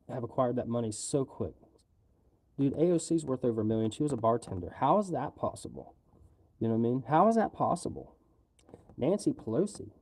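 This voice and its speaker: A man's voice: medium pitch, dark tone. An American man ranting on a livestream in an angry, profane, heated way. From United States. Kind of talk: livestream rant.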